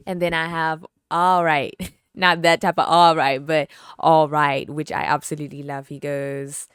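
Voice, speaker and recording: A woman's voice: low-pitched, flat delivery, a little slow, a bit bright, clear, resonant tone, dry recording, clean studio sound. A woman hosting a podcast, chatting casually about an album, filling her talk with "like" and breaking into sung lines. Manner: chatty, says "like" a lot, sings lyric snippets. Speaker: podcast host. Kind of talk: casual album review chat.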